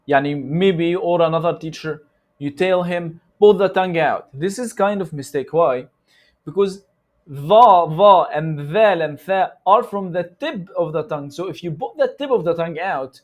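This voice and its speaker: An Arabic-speaking man with an Egyptian accent gives a recitation lesson in English. His voice sits a touch higher than most men's. He talks loosely with restarts and slows right down to repeat each sound for his students. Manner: repeats sounds slowly to demonstrate them. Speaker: tajweed teacher. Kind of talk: instructional lesson.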